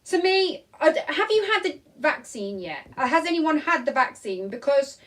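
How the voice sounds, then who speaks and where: High-voiced chatty woman vlogger. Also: very animated, normal speed, fairly bright tone, recorded from a distance, low-quality recording. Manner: chatty, rambling, full of "um" and "like"; apologetic, reading out viewer comments. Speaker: vlogger hosting a live Q&A. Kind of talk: casual live-stream chat. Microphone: tablet recording.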